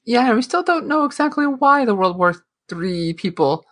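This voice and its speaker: A woman co-hosting a podcast, recapping a TV episode with animated storytelling and frequent laughter. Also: fairly high pitch, moderate pace. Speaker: podcast co-host. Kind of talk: casual chat, recapping a TV episode.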